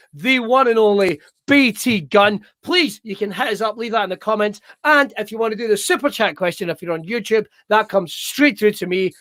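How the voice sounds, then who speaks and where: A high-pitched man hosts a wrestling chat show, excitable and quick to swear, with jokes tumbling out. The recording is dry and close, with no room sound around him.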